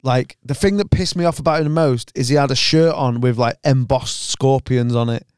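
A man's voice: medium pitch, moderate pace, smooth, no echo, studio quality. A man co-hosting a podcast, telling a story casually, swearing and acting out what other people said. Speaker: podcast co-host. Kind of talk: casual chat.

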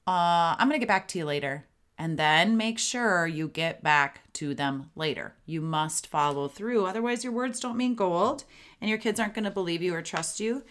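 Lowish-voiced mom host giving parenting tips, chatty, acts out what to say to kids. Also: female voice, lively intonation, moderate pace, a bit bright. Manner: conversational, acts out sample phrases to kids. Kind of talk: casual advice monologue.

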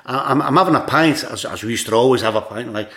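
A man's voice: mid-range voice, fast, fairly bright tone. A man in his sixties with a Liverpool Scouse accent, a former footballer telling stories as a guest, with many repeated words and "you know"s. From Liverpool, England. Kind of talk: anecdotal storytelling.

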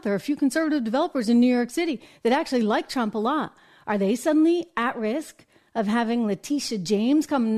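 A woman from the United States hosting a live political commentary show, talking in an animated way and acting out quotes in mock voices. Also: on the high side. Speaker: host.

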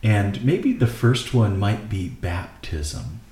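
A man's voice: fairly low pitch, expressive, takes it slowly, dark tone, roomy sound. A man hosting a casual faith podcast, earnestly asking his co-hosts questions. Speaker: podcast host leading discussion. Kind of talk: casual discussion.

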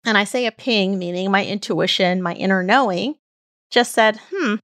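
A woman's voice: medium pitch, normal speed, a bit bright, no room sound. A woman hosting a podcast, telling a personal story in an earnest, heartfelt, reflective way. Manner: earnest, heartfelt, tells stories at length. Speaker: podcast host.

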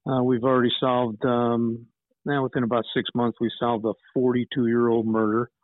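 A man's voice: medium pitch, little pitch movement, normal speed, dry recording. Man, 60s, investigator, blunt rambling storyteller, dry phone-line sound. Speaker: private investigator, guest. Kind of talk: casual interview storytelling.

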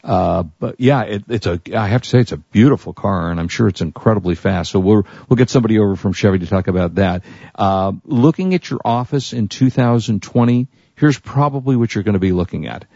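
A man's voice: fairly low pitch, fairly quick, creaky, warm tone, breathy edge, no room sound, dull audio. A man hosting a technology radio show, talking casually in a rambling, chatty way and correcting himself as he goes. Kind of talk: casual tech radio talk.

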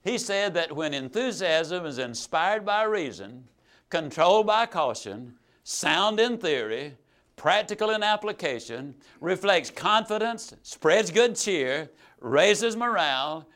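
A man with a slightly higher voice gives a motivational sales talk. He tells his stories in a folksy, emphatic way, rising loud and dropping soft. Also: sing-song, slow pace. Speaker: sales trainer and motivational speaker.

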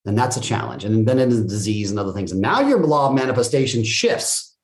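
Energetic middle-aged man, roomy echo. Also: medium pitch, brisk. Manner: energetic storyteller, casual swearing. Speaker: guest, business coach. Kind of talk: podcast interview.

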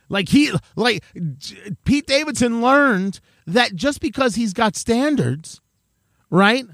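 Animated man riffing on comedy. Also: high voice, no room sound, studio quality. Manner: animated, rambling, self-interrupting. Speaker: commentator. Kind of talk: opinion monologue.

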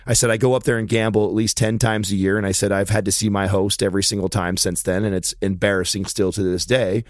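A man's voice: lowish voice, fast, no room sound. Thirties dude ranting about his buddies, cussing a lot, dry close mic. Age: 30s. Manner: profane, animated storyteller. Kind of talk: casual chat, storytelling. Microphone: studio mic.

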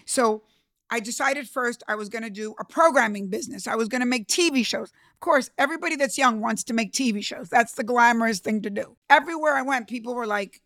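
A woman's voice: on the high side, a little fast, fairly bright tone, no room sound, studio quality. A woman entrepreneur telling her own story in an emphatic, emotional way, often speaking straight to the listener. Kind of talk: personal storytelling talk.

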